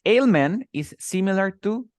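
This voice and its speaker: A man's voice: high-pitched, lively intonation, measured pace, darkish tone, no echo, clean studio sound. A man teaching English, patiently explaining words and stress while switching between English and Spanish. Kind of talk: bilingual English lesson.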